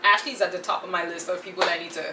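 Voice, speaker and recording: A woman co-hosting a podcast, casually reacting to reality TV with quick animated asides. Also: fairly low pitch, noisy background. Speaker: podcast co-host. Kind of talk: casual reality-TV review chat. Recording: roomy sound, mic at a distance.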